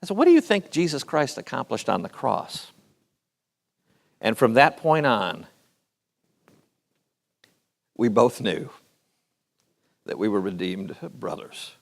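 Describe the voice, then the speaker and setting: A man's voice: mid-range voice, very animated, measured pace, gravelly, long pauses. A man hosting a church talk-show segment and preaching, joking and putting on voices in his stories. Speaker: pastor and show host. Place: church event stage.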